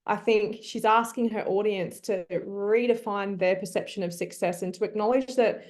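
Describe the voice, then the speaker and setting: A woman's voice: mid-range voice, moderate pace, a little mellow. A woman teaching an online class, coaxing her students and thinking aloud with frequent ums.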